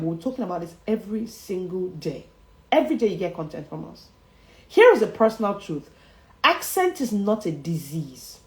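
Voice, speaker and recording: A woman speaking coach giving a motivational talk, emphatic and slowing down to repeat her key lines. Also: medium pitch, darkish tone, roomy sound, poor audio.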